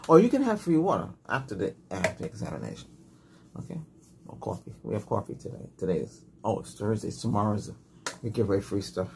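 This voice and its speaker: A man in a whispered role-play as an emergency doctor, giving soft, patient, gentle instructions. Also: fairly low pitch, very animated, quick pace, vocal fry. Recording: noisy hiss and clicks.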